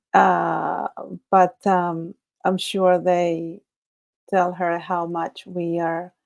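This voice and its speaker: A woman whose first language is Spanish, hosting a casual livestream, talking in a halting, nervous way with many restarts. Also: on the low side, creaky, darkish tone. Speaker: livestream host.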